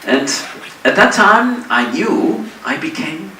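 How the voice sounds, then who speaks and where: A native German speaker gives a keynote in English with a German accent, his high voice swinging widely in pitch at a slow, bright, forceful pace. He tells his story with self-deprecating humor, acting out the dialogue he quotes. The recording has slight background noise and a distant mic in an echoey large conference hall.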